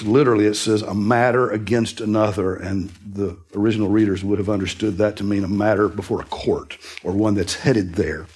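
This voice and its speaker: A man preaching a sermon, teaching earnestly and rising sharply in pitch to stress key words. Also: a little mellow, breathy edge. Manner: earnest, emphatic teaching with sudden rises in pitch for emphasis. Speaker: pastor.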